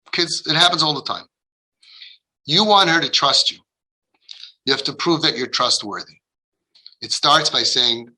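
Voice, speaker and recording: A man's voice: mid-range voice, pushed and bright, low-quality recording. A middle-aged man giving passionate, casual advice to parents, acting out dialogue and sprinkling in Hebrew religious terms. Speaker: parenting coach.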